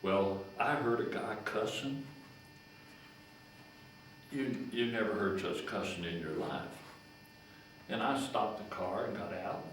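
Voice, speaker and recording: A man's voice: fairly low pitch, slow, pauses often, fairly bright tone. A man in his nineties, a retired county extension agent, telling folksy anecdotes about his work and acting out the voices of the people in them, with some repeated words. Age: 90s. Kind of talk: storytelling reminiscence. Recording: echoey room, distant mic, faint noise.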